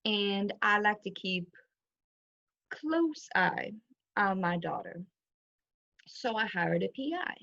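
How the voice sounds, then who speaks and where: A woman plays a nosy, scheming mother whose gravelly voice swoops all over the place as she gossips. She has a conspiratorial improv-comedy manner, heard over dull, lo-fi video call audio. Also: medium pitch, expressive, slow, long pauses, fairly bright tone, no echo, exaggerated voice.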